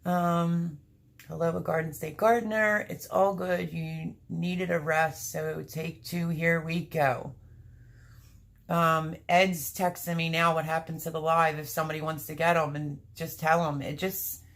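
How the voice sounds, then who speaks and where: Gravelly-voiced woman chatting on a livestream. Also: low-pitched, little pitch movement, a little slow, a bit bright. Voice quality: rough, gravelly voice. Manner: apologetic, emotional and flustered. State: choked up. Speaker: homestead channel host. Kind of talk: casual livestream chat.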